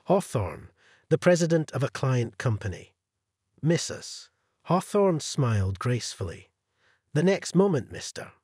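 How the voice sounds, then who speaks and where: A man narrating a scripted first-person story in a steady, even read. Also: mid-range voice, slightly rough, no echo, studio quality.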